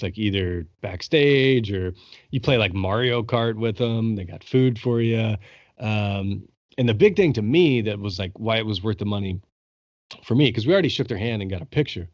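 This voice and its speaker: A fairly low-voiced young man chats on a podcast, piling up stories with easy swearing and bursts of excitement. The sound is dry and close, though a little dull and muffled. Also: dry recording. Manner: excited storytelling, swears freely. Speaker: podcast host. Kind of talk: casual chat.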